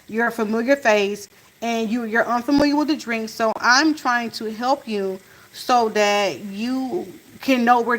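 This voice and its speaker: A woman in a casual storytime chat, retelling events in an animated way and acting out what was said, while cooking in her home kitchen. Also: a little high, low-quality recording. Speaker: family vlogger. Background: faint sizzle of frying food.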